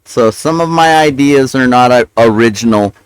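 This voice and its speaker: A man's voice: medium pitch, normal speed, clean tone, no echo, low-quality recording. A man ranting casually on his live stream, cursing and sometimes mumbling with food in his mouth. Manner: ranting, profane, self-justifying; mumbling with mouth full while eating. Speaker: livestreamer. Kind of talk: casual rambling stream talk.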